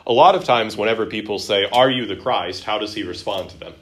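A man's voice: lowish voice, brisk, echoey room, rough recording. A man teaching a Bible lesson to a class, asking questions and acting out the quotes. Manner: lively, quizzing students and acting out quotes.

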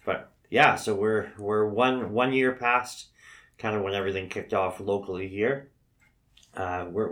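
A man co-hosting a casual firefighter podcast, talking in an easygoing, halting way with fillers. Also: sits low, fairly bright tone. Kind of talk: casual chat.

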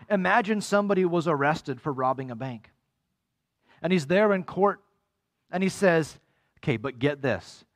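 A man preaching a sermon as pastor, animated and acting out quoted voices with big swings in pitch.

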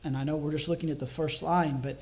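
Male evangelist with a fairly high voice, preaching in a thoughtful, measured way and thinking aloud. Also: fairly even intonation, a little mellow. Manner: reflective and measured, slowing down to stress key words; thinks aloud with small restarts. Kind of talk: sermon.

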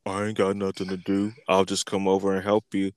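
A man's voice: sits low, completely flat delivery, brisk, clear, resonant tone, no echo, lightly acted. A man doing an easygoing burly buddy. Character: laid-back burly man friend, unbothered.

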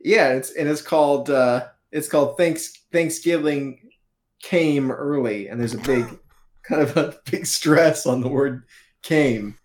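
A man's voice: on the high side, steady tone, a little slow, darkish tone. Male podcast co-host, casual, crude, playful improv riffing. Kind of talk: casual comedic chat.

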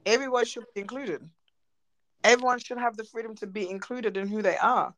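A woman's voice: fairly high pitch, brisk, a bit bright, dry recording, poor audio. A woman co-hosting a podcast, talking bluntly and animatedly and swearing freely. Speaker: podcast co-host. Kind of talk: casual chat.

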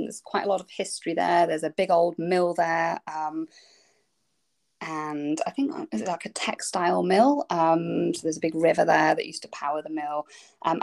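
Author lady, kinda gravelly low voice, lots of ums. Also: a little mellow. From England. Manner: hesitant, many ums and yeahs. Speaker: children's author, guest. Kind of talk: casual interview chat.

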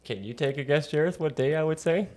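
A man in casual podcast chat, making provocative jokes with a deadpan delivery. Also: fairly high pitch, quick pace. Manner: joking, provocative, deadpan quips.

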